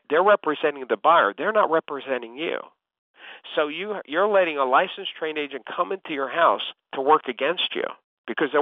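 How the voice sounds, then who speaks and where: A man's voice: fairly high pitch, no echo. A man acting as a real estate coach, giving instructive advice on a call and often addressing the listener by name. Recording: tinny phone line, dry.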